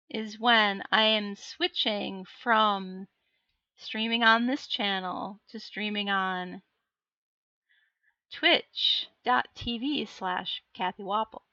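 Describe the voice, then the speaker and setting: A woman's voice: mid-range voice, bright, forceful tone, no echo, lo-fi sound. A woman streamer chatting casually on a live stream, laughing often and answering her viewers. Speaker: live streamer and miniature painter.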